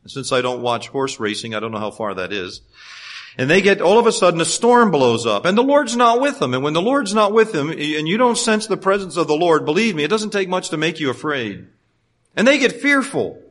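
A man gives a sermon as pastor in a fairly high pitch, animated throughout. He alternates loud emphasis with hushed tones and tosses in folksy, funny asides.

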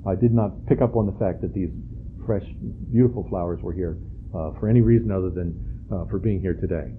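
Male preacher, sermon, earnest emphasis, halting delivery, phone-like church recording. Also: low voice, a little hiss or hum. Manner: earnest, rising emphasis on key phrases; halting, frequent uh and restarts. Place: church sanctuary.

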